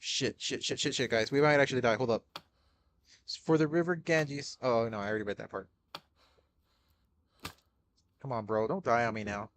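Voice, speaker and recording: Excitable young man swearing over a game. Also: mid-range voice, slight background noise. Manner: excitable, swears a lot, frequent "bro" and "dude"; panicky outbursts and rapid repeated shouts. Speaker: gaming streamer. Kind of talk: live gameplay commentary.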